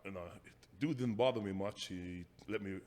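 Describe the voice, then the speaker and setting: Man with a Jamaican accent, low voice. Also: a little mellow, big-room sound. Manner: halting storytelling with restarts. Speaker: guest. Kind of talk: casual interview.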